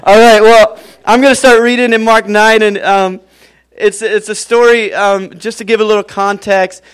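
High-voiced, clear young male preacher. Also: level tone, normal speed. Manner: casual, chatty, frequent fillers and laughs. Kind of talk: sermon.

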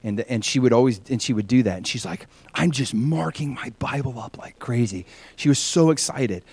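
Middle-aged male preacher, lively storyteller, dry close sound, acts out quoted people. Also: mid-range voice, moderate pace, breathy edge, dry recording. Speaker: pastor. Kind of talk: sermon with personal stories.

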